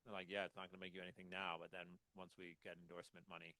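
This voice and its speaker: A man's voice: low voice, monotone, rapid-fire, bright, forceful tone, rough recording. A man hosting a podcast, chatting casually with thoughtful, wry asides into a close mic. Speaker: podcast host. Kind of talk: casual chat.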